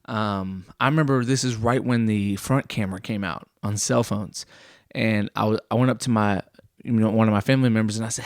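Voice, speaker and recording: A young man doing an absurd deadpan comedy monologue, rambling with many fillers and self-corrections. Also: lowish voice, fairly quick, no room sound, studio quality.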